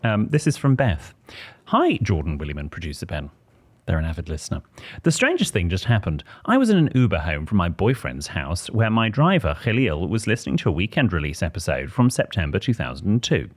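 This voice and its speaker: Low, very lively English man reading letters. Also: brisk. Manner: wry, theatrical reading. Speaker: podcast co-host. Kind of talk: reading listener letters aloud.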